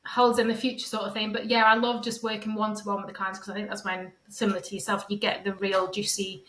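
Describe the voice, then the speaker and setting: A middle-aged feng shui and decluttering coach, a guest on a podcast, chats and rambles in a casual interview, often tacking on "sort of thing" and acting out quoted voices. Her medium-pitched voice is level, fast, and a bit bright, in a rough, reverberant recording.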